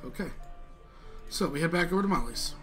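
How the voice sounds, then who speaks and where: Chatty man player, slightly high voice, clear music underneath. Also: expressive, brisk, a bit bright. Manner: chatty, laughing asides. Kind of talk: casual tabletop play. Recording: music behind the voice.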